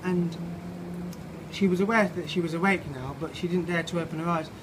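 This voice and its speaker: Slightly drunk man, storytelling, halting and playful, noisy outdoor pub backdrop. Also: fairly high pitch, fairly even intonation. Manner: halting, playful, loose with restarts and swearing. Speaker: author reading his own story. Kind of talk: tipsy storytelling reading. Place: outside a pub.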